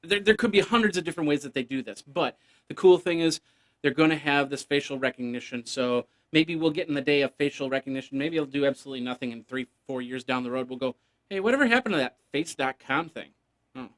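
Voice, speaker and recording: A man's voice: medium pitch, fairly even intonation, fast. A man hosting a casual solo tech news podcast, rambling and joking, now and then making beeping computer noises.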